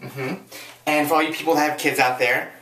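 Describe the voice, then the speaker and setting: A woman talking to camera in a comedic vlog, campy and playful, her voice swooping up high for jokes. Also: fairly even intonation, brisk. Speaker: vlogger. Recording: echoey room, distant mic, faint hiss.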